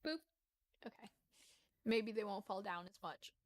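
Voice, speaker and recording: A woman's voice: medium pitch, measured pace, dry recording. Woman, Rhode Island accent with Southern tinge, lisp, rambling streamer chat, dry close sound. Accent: Rhode Island mixed with Southern US. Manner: rambling, self-deprecating, many restarts. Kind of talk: casual gameplay chat.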